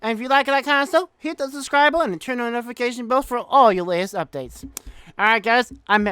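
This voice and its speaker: A man's voice: very high-pitched, quick pace, clear, resonant tone. Upbeat American guy host, young, rambling and jokey car-review chatter. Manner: excitable, chatty, jokey, many restarts. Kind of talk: casual car review vlog.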